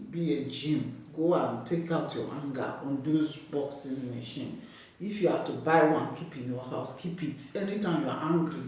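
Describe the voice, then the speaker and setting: A man's voice: fairly high pitch, mellow. A man making an impassioned, pleading appeal to his viewers, repeating himself like a preacher. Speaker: vlogger. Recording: very echoey room, far from the mic.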